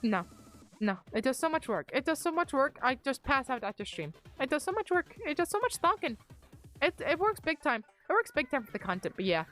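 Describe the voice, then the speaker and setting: A woman's voice: high voice, big pitch swings, brisk, a bit bright, soft background music. A young woman chatting casually and rambling on a gaming livestream from her upstairs bedroom, speaking into a desk mic on a mic arm. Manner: rambling, self-deprecating, chatty. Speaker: streamer.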